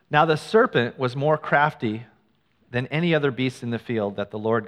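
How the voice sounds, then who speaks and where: A man's voice: medium pitch, moderate pace, a bit bright. Man preaching in a reverberant church. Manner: conversational preaching, reads scripture aloud, self-deprecating asides. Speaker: pastor. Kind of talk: sermon.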